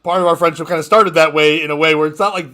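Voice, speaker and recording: A man's voice: a little high, steady tone, rapid-fire, bright, forceful tone. A man hosting a comedy podcast, telling a rambling story in casual chat, laughing often and acting out what people said.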